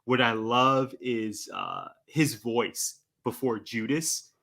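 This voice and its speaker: A man's voice: medium pitch, slow. A man hosting a wrestling podcast, plugging the channel and steadily putting questions to his co-host. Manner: steady, asks questions, reads tweets aloud. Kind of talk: casual chat with listener plugs.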